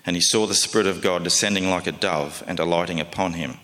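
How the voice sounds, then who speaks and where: A man's voice: sits low, steady tone, fast, a bit bright, in a large hall. A man preaching a sermon in a conversational, folksy way, often asking his listeners questions.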